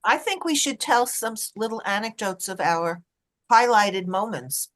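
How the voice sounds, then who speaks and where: A woman with a New York accent telling a personal anecdote on a panel, in an expressive storytelling way. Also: medium pitch, a little slow. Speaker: panelist, volunteer canvasser.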